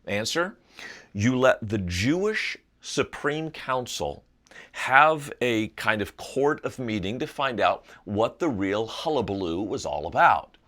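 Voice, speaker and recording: A middle-aged man teaching a Bible lesson, explaining a text in an animated storytelling way. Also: mid-range voice, slow. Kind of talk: video Bible lesson lecture.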